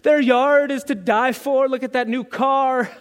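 A man's voice: extremely high pitch, steady tone, unhurried, big-room sound. A man voicing an envious churchgoer who pleads and whines about the neighbours' things. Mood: pleading.

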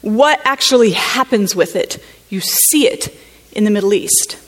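A woman from the United States speaking at a conference, telling a personal story in an earnest, halting, reflective way. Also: medium pitch, lively intonation. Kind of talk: personal testimony talk.

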